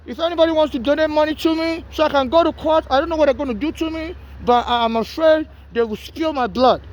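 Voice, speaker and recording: Very high-pitched man pleading. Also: fast. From Nigeria. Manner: rambling, pleading, repeats himself. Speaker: homeless man filming a plea. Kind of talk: urgent direct-to-camera plea.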